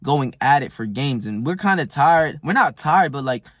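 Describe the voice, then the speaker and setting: A young man in his twenties, talking casually to the camera in a brash, profane, boastful rant, sometimes jumping into loud mocking voices. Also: medium pitch, lively intonation, moderate pace, no room sound, clean studio sound. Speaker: self-improvement vlogger.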